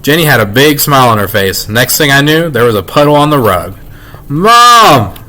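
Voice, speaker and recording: Man, reading aloud, children's novel, expressive storytelling, middle pitch. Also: fast talker, rough recording. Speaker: reader.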